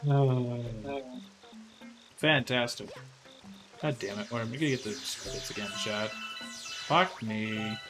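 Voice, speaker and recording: A man's voice: medium pitch, takes it slowly, long pauses. A young man streaming a game, chatting casually to his viewers, swearing and ranting. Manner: profane, ranting, talks to chat. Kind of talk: casual livestream chat. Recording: game music behind voice. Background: game music.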